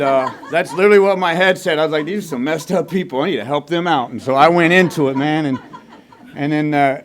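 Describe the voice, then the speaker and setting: Man from Texas, somewhat higher voice, blunt and profane storyteller at a group meeting. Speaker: recovery meeting speaker. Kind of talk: personal recovery story told to a meeting. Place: recovery group meeting room.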